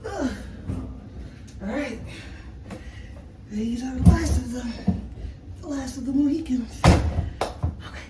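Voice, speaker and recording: A young woman vlogs casually to camera at home, wandering between rooms as she jokes and laughs at herself. She's animated and swoops high when teasing, yet she speaks slowly with frequent pauses, against heavy background noise.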